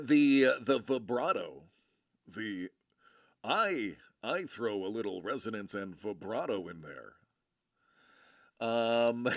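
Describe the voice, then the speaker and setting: Reading viewer comments on his collectibles live stream, a man jokes around and wanders off topic, often interrupting himself to start over. He has a mid-range, slightly bright voice, captured with clean studio sound and no echo.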